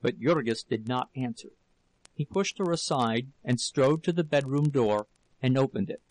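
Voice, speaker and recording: A man narrating a novel in an audiobook with a steady, measured reading. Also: medium pitch, no room sound, rough recording. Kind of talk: scripted narration.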